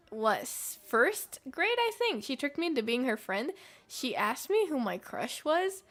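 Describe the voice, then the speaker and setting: A young woman streamer chatting casually while gaming, rambling through anecdotes with fillers and laughs. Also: high-pitched.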